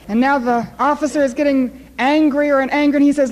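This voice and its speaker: A woman preaching a sermon, telling a story in an animated storyteller's way before moving into scripture. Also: sits high, quick pace, few pauses, low-quality recording.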